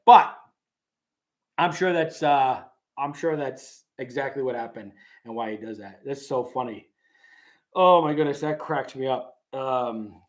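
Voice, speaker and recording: A man hosting a casual live stream reads a script aloud, stage directions and all. His voice rises and falls in a lively, animated way, and he keeps breaking into chuckles as he goes. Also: on the high side.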